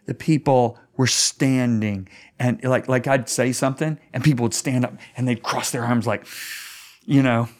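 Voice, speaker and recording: Middle-aged man, a pastor telling a story, earnest and emphatic, mid-pitched voice that climbs when stirred. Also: steady tone, moderate pace, darkish tone. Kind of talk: storytelling in a conversation.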